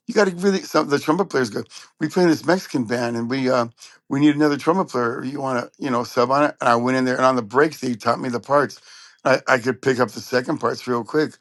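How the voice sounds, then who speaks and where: A man's voice: mid-range voice, brisk, dry recording. A man from Southern California telling stories as a trumpet player guest in an interview, acting out what people said. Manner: animated storyteller, acts out quotes. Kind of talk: storytelling interview.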